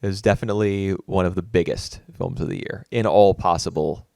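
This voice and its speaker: A man's voice: low-pitched, fairly even intonation, fairly quick, vocal fry, a little mellow, no echo, clean studio sound. A man co-hosting a casual film podcast, thoughtful and rambling with many fillers and restarts. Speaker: podcast co-host. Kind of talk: casual film review chat.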